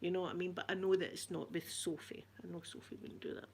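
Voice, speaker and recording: A woman's voice: lowish voice, little pitch movement, fast talker, a little hiss or hum. Chatty Glaswegian woman. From Scotland. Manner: chatty, laughs often, greets viewers by name. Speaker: ASMR channel host. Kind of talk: casual live-stream chat.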